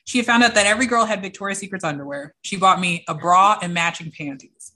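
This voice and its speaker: A young woman, an interview guest, telling personal stories in an animated way and acting out the voices of the people she quotes. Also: mid-range voice, a little fast, few pauses. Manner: acts out quoted voices, lively. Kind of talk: animated storytelling.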